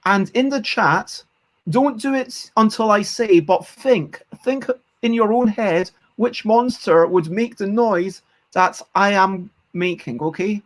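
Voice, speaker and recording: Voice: medium pitch, slow. A streamer hosting a casual game design session, thinking aloud and counting out numbers. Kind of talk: casual live-stream chat.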